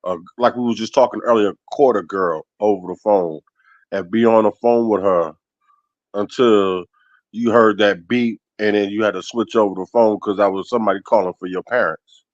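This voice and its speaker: A man's voice: on the low side, steady tone, normal speed, dry recording, highs cut off. A man talking reflectively in a casual podcast conversation, often checking that his listener follows him. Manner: reflective, keeps asking "you understand what I'm saying".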